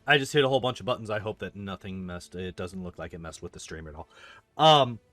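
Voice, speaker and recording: A man's voice: deep voice, quick pace, no room sound, faint music behind. A young man streaming a game, ranting animatedly in casual commentary, swearing often and filling with "like". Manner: animated ranting, profane, lots of "like".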